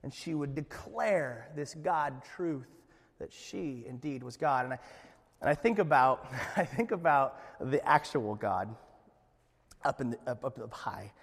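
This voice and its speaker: A man preaching a sermon in a church, telling a story with lively energy and frequent restarts. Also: medium pitch, a little slow, breathy edge, in a large hall. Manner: animated storytelling with many restarts. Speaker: pastor.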